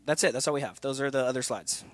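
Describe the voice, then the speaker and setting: A man in his thirties giving an energetic acting workshop talk, jumping into quick voices and asides as he goes. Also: medium pitch, dry recording. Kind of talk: conference talk.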